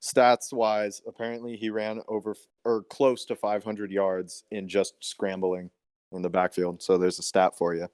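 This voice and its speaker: A man's voice: fairly low pitch, flat delivery, moderate pace, darkish tone, dry recording, clean studio sound. A young man co-hosting a casual podcast, talking in a laid-back, offhand way. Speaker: podcast co-host. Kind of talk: casual chat.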